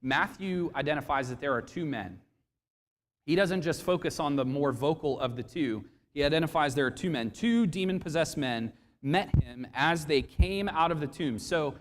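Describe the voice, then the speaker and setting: A man preaching a sermon to a congregation, expressive and questioning, acting out quoted voices as he goes. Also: on the high side, a little slow, long reverb tail. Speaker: pastor. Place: church sanctuary.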